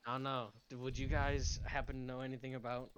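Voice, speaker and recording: A man taking part in a tabletop game as a player, chatting casually and halting often, restarting sentences and saying "like.". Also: medium pitch, flat delivery, lo-fi sound, a crowd in the background. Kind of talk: casual chat.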